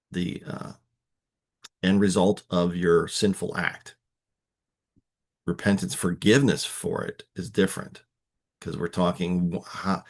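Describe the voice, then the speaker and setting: A man's voice: deep voice, gravelly. A man with a Texan accent hosting a casual Bible study, reading verses and musing on them in a conversational way. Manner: musing, conversational, many fillers and restarts.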